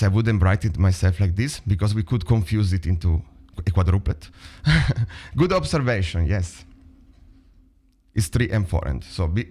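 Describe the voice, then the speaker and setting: A man's voice: on the low side, a little mellow. A man with an Italian accent teaching a drum lesson over a video call, chatting and vocalizing rhythms aloud.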